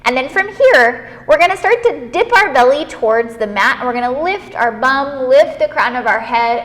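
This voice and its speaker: A woman leading a children's yoga class, gentle and playful, encouraging the kids and making animal noises. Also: sits high, animated, moderate pace, hardly any pauses, long reverb tail.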